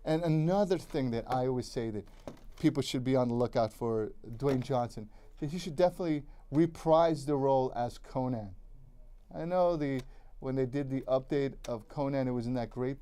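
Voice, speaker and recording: A man talking casually about movies on a public access show. His voice is mellow and a little dark, at an ordinary pitch. He rambles, circles back to the same names and restarts his sentences often. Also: normal speed, smooth. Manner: rambling, repeats himself, lots of restarts. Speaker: cable access show co-host.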